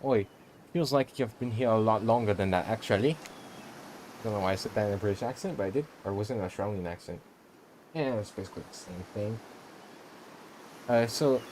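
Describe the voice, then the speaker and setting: A man's voice: lowish voice, darkish tone, a little hiss or hum. A man casually reading through a dating game, joking and often correcting himself. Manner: playful, joking, frequent self-corrections. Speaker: game streamer reading all parts. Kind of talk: casual game playthrough commentary. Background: music.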